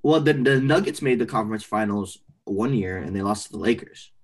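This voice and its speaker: A man co-hosting a casual sports podcast, opinionated and animated, often trailing off into fillers. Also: lowish voice, brisk. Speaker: podcast co-host.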